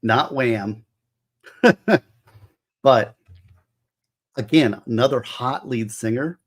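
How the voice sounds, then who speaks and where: A husky, slightly rough male voice with a middle-range pitch. He rambles happily through music trivia on a casual livestream, often restarting his phrases mid-thought. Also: very slow. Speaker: host.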